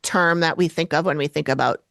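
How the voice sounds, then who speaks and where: A woman with a lowish voice co-hosts a podcast in relaxed, chatty recap talk. She quotes people with sudden jumps in pitch. The recording is dry, with no room sound. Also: a little fast, vocal fry, dry recording. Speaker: podcast co-host. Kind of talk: casual recap chat.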